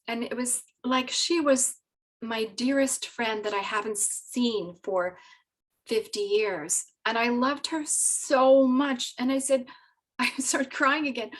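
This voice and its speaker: A woman with a fairly high voice recounts a personal story, full of laughs, fillers and restarts. She sounds a little distant from the microphone. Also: slow. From Britain. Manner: animated, laughing, rambling with many fillers. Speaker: guest telling her spiritual story.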